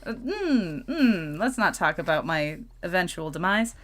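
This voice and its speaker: A woman's voice: fairly low pitch, very animated, measured pace, a bit bright. A woman co-hosting a podcast, chatting playfully and laughing often. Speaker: podcast co-host. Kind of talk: casual chat.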